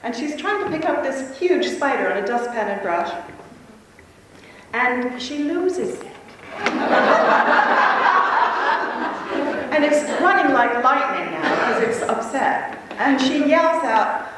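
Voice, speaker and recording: A woman speaker tells a lively, laughing story to a conference audience. Her voice rings through a big echoey hall, picked up from a distance. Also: sits high, slow pace, pauses often, noisy background. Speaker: convention speaker. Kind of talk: talk to a live audience.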